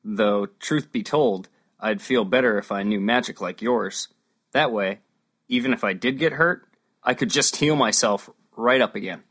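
Woman reader doing a young boy squire for a storybook, very low, husky, earnest. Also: normal speed, fairly bright tone, heavily acted. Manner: low boyish put-on voice.

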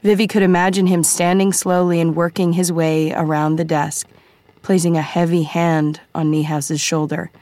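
Low, dry-voiced woman for audiobook narration; measured and quietly suspenseful. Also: little pitch movement, no room sound.

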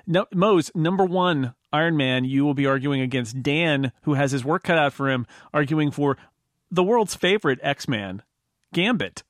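A man hosting a comedic podcast panel, announcing results in a brisk, wry manner. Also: on the high side, animated, no room sound, studio quality. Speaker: podcast host running a mock tournament. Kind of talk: casual comedic panel chat.

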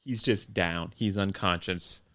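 A young man with a fairly low voice retells a story in a relaxed co-host chat. His humor is dry and wry, delivered deadpan. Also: unhurried. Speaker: podcast co-host. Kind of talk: casual chat recapping a film plot.

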